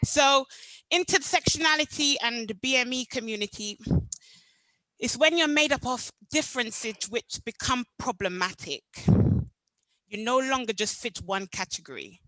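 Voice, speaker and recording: Woman, Jamaican accent, lively personal storytelling, acts out old conversations, dry close sound. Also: fairly high pitch, normal speed, no echo, low-quality recording. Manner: animated, acts out past dialogue. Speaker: meetup speaker.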